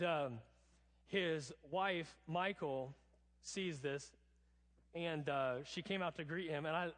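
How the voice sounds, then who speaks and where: Male preacher, conversational and wry, slightly raised pitch, recorded in a church with a long echo. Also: fairly bright tone. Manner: casual, chatty preaching with humor. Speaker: pastor. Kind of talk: sermon. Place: church sanctuary. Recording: long church hall reverb.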